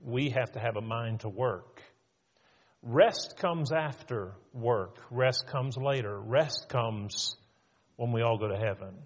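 A man's voice: mid-range voice, takes it slowly. Man preaching in an echoing hall. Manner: conversational preaching, acting out quoted voices. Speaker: pastor. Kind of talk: sermon. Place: church sanctuary. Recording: muffled church hall with long reverb.

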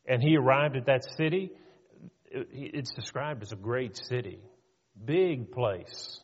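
A man's voice: mid-range voice, takes it slowly. Earnest man preaching a sermon. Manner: earnest, emphatic, rhetorical questions. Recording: reverberant hall, dull lo-fi.

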